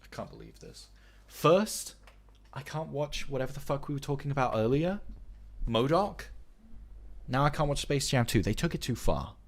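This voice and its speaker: A man's voice: mid-range voice, expressive, normal speed, pauses often. A man hosting a live stream in casual chat, ranting in an exasperated, profane way. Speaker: streamer and show host.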